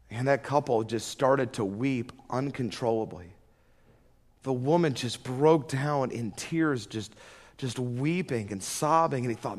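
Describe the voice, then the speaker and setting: A man's voice: mid-range voice, measured pace. A middle-aged man preaching a sermon, telling a folksy story and rising to fervent emphasis on prayer. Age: middle-aged or older.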